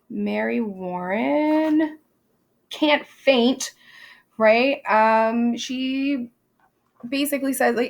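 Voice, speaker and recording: A woman's voice: a little high, creaky. A woman teacher explaining a play in a casual, chatty classroom lesson, full of fillers and asides.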